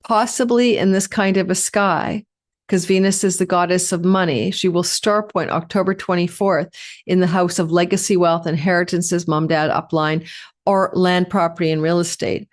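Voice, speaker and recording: A woman's voice: on the low side, fairly even intonation, normal speed. A woman from Canada giving an astrology forecast in a chatty way, piling up lists of words and dropping in asides.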